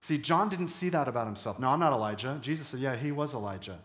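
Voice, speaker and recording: A pastor preaching a closing sermon to his congregation as the band plays softly behind him, building to fervent proclamation. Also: medium pitch, expressive, quick pace. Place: church sanctuary. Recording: echoey church room with music. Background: band playing softly.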